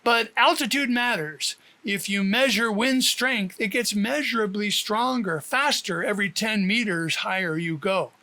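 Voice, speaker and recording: A man doing a calm lecturing driver. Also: high-pitched, unhurried, hardly any pauses, heavily acted. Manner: lecturing, steady and explanatory. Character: calm, knowledgeable grown man driving a truck.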